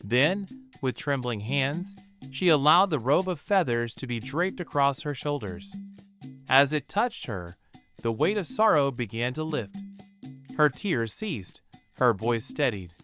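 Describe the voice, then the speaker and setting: A man narrating a soothing bedtime story in a calm, gentle, measured way. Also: mid-range voice, faint music behind.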